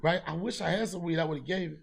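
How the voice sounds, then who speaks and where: A man hosting a podcast, telling a street story in casual chat, profane and animated, acting out the people he met. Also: on the high side, brisk, creaky. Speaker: podcast host.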